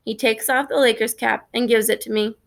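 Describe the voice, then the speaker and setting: Gravelly-voiced woman reading a storybook aloud. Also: on the high side, fairly quick. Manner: steady first-person narration. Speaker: reader.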